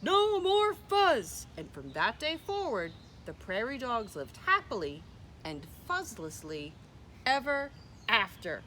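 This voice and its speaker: A woman reading a children's picture book aloud at a library story time, with expressive storytelling. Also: a little hiss or hum. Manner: slow, expressive storytelling with very lively pitch.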